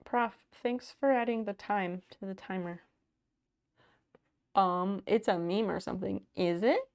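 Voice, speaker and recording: A woman's voice: mid-range voice, a little slow. A woman streamer in casual live chat, thanking viewers by name, telling stories and swearing casually.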